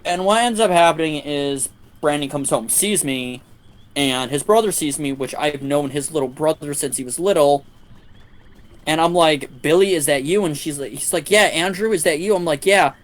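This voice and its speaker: A man with a fairly high voice talks at a moderate pace while streaming a game. Casually chatting, he delivers a long, profane, lively anecdote, slipping into voices for the people he's quoting.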